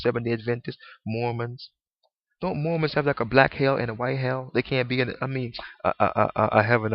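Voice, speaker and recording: A man's voice: mid-range voice, no room sound, lo-fi sound. A man in a ranting monologue, rambling and preachy, stumbling over restarts, with mocking, profane asides.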